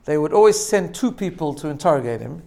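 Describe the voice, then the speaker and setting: A religious teacher delivers an informal sermon in a fairly high, slightly mellow voice with vocal fry, speaking quickly with lively intonation. He tells stories, checks in with listeners by asking "right?", and laughs at his own jokes.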